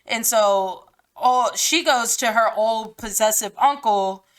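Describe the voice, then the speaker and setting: A woman's voice: on the high side, takes it slowly, fairly bright tone. A woman hosting a podcast, giving a casual book reaction in a blunt, slangy, profane way with lots of "like" fillers. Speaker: podcast host.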